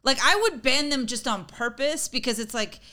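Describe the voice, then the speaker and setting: A woman's voice: high-pitched, lively intonation, normal speed, sharp tone. A woman co-hosting a podcast who chats casually, asks a lot of questions and teases her co-hosts. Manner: questioning, teasing. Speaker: podcast co-host.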